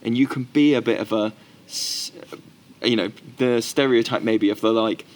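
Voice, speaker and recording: A man's voice: medium pitch, fairly even intonation, moderate pace. A man, co-hosting a casual podcast chat and telling stories animatedly, often putting on the voices of the people he quotes. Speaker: podcast co-host.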